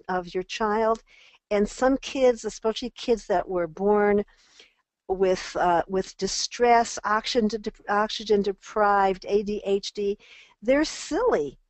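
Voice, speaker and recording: Animated older woman teaching parents. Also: mid-range voice, dry recording. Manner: animated, acts out quoted voices. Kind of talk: online parenting class.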